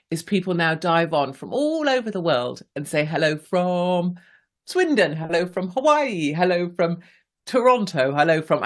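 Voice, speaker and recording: A woman in her forties hosts a radio talk show. She is chatty and playful and reads listener messages aloud in a casual monologue. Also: low-pitched. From England.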